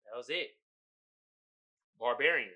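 A man's voice: mid-range voice, lively intonation, takes it slowly, pushed and bright. A man hosting a podcast, recapping a movie in a casual, profane, storytelling way with frequent laughter. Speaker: podcast host.

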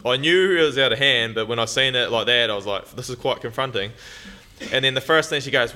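A man's voice: mid-range voice, fast talker, bright, forceful tone. A young man with a New Zealand accent telling a blunt, swearing, laughing story to an audience. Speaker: farmer speaker.

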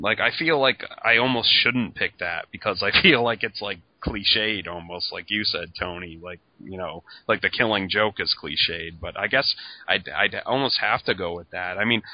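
A man's voice: on the low side, normal speed, few pauses. A man co-hosting a casual podcast, talking hesitantly and saying "like" in nearly every phrase. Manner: hesitant, heavy use of "like". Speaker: podcast co-host. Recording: dull lo-fi sound.

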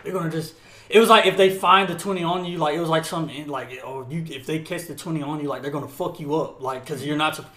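A man's voice: a little high, fast talker. A young man co-hosting a podcast, telling profane stories in casual chat and acting out the voices of the people in them. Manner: profane, animated, acts out the voices of others in his stories. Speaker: podcast co-host, former Marine. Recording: echoey room.

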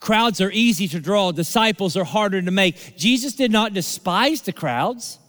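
A male pastor delivering a sermon, preaching with rhetorical repetition and emphatic pauses. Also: high-pitched, expressive, fairly bright tone. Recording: long hall reverb.

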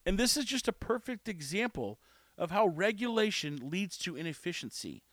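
A man's voice: high-pitched, moderate pace, no echo. A man delivering an opinionated monologue, ranting and often cutting himself off. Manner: animated, ranting, self-interrupting. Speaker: podcast host.

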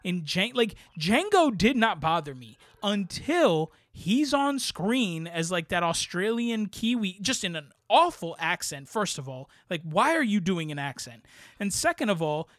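A man co-hosting a casual movie podcast, giving blunt, animated opinions with slangy asides. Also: sits high, a little slow, no room sound, studio quality. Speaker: podcast co-host. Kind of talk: casual chat.

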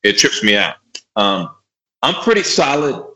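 A man's voice: medium pitch, big pitch swings, measured pace, bright, forceful tone. A man who plays drums, chatting casually in a podcast. He swears freely, repeats his words and acts out what he once said. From Austin, Texas. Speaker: guest drummer. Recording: echoey room.

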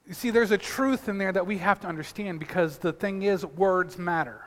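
A man's voice: high voice, normal speed, few pauses, a bit bright, big-room sound. A man preaching a sermon as pastor, talking in a loose conversational way with restarts and repeated words, calling out to his congregation for responses. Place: church sanctuary.

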